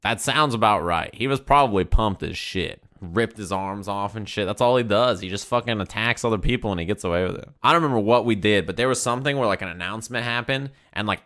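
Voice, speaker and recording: Lower-voiced man swearing through a story. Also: fairly bright tone. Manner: profane, rambling storytelling. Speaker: streamer. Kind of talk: casual chat.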